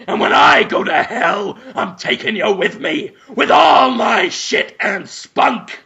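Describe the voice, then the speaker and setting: A man's voice: sits high, expressive, slow, creaky, dull audio, exaggerated voice. A man doing a shrieking monkey-suited villain. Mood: taunting. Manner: shouted, crying taunts. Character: vengeful monkey-suited male stalker, gleeful and filthy.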